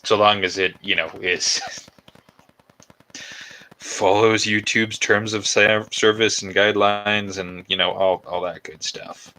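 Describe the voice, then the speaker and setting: A man's voice: lowish voice, little pitch movement, slow, bright, forceful tone, a little hiss or hum, rough recording. A man chatting casually on a livestream while he builds a costume by hand, rambling and chatty with lots of fillers. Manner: talks while working with his hands. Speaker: cosplay maker streaming his build.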